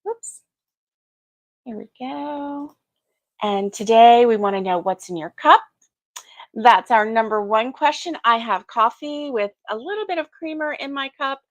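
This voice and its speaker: A middle-aged woman chats her way through a morning livestream, slow-paced and sleepy, yawning between friendly greetings. Her voice sits a little high and sounds close and dry, with no room echo. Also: lively intonation. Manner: sleepy, chatty, yawning often. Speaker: crochet channel host. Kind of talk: casual morning livestream chat.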